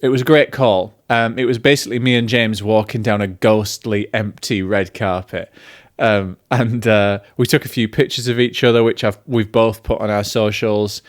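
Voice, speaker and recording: A man's voice: on the low side, steady tone, normal speed. A man, a film vlogger chatting casually and self-deprecatingly, drifting off on tangents. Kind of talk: casual chat.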